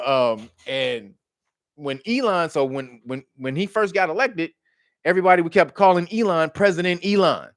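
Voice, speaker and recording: A man, commenting in casual talk, animated, acting out the quotes and laughing often. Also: normal speed, dry recording, studio quality. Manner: animated storytelling, acts out quotes in high mocking voices, laughs often. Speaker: commentary host.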